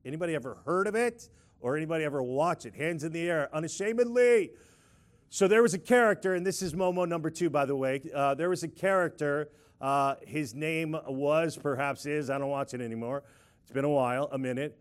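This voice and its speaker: A man's voice: on the high side, fairly quick. Playful man preaching to a congregation. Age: middle-aged. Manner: playful, leads the crowd in call-and-response. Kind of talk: lively sermon to a live congregation.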